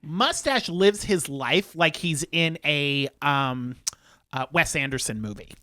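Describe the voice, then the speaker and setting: A man co-hosting a podcast, chatting in a blunt, animated way with plenty of swearing. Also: a little high, takes it slowly, no room sound. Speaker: podcast co-host. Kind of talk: casual chat.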